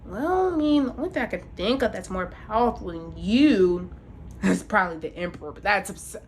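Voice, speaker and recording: A woman's voice: medium pitch, lively intonation, normal speed, a little hiss or hum, pitched below the performer's own voice, close to an everyday voice. A woman voicing a meek fisherman husband who hedges and hesitates. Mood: hesitant. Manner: hesitant, hedging.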